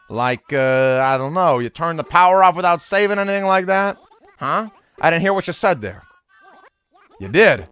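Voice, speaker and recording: A man's voice: high-pitched, a bit bright, clear, resonant tone. A man voicing a short-tempered male mole with a put-on New York accent, lecturing in sarcastic tough-guy slang.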